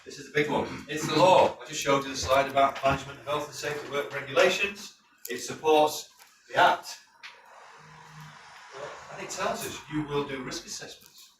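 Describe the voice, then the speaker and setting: A man with a northern English accent teaching a safety course, chatty and quizzing his class with quick questions. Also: on the high side, steady tone, a bit bright, soft background music. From North of England. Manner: chatty, asks the class questions and checks in with "right?". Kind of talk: classroom lecture with anecdotes. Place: training classroom. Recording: roomy, distant mic with faint noise.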